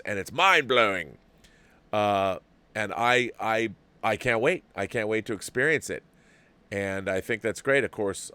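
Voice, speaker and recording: A man's voice: fairly low pitch, fairly bright tone, smooth, no room sound. Rambling male show host, dry sound. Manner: rambling, restarts with repeated words. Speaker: host of a movie talk show. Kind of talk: casual livestream commentary, reading viewer chats.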